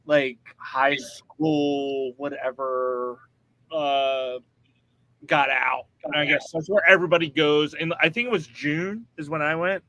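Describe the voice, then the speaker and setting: An American man hosting a casual chat, animated and laughing often as he acts out quotes. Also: fairly high pitch, takes it slowly, poor audio. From United States.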